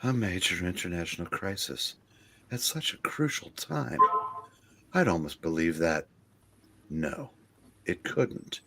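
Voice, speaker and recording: A man voicing a smug male businessman from a comic, with a hushed, low mutter. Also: very animated, measured pace, gravelly, pauses often, full character voice. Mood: brooding. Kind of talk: reading a comic aloud with voices.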